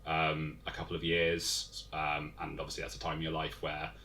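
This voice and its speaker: A young man with a very low voice that still sounds bright and forward. He answers interview questions thoughtfully, pausing on fillers and restarting his sentences as he works his ideas out. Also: completely flat delivery. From England. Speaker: game designer guest. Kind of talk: casual interview chat.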